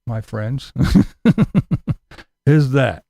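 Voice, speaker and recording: Gravelly, sarcastic ranting man. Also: a little high, big pitch swings, a little slow, no echo. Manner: profane, sarcastic, combative. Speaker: vlogger. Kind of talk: ranting monologue to camera.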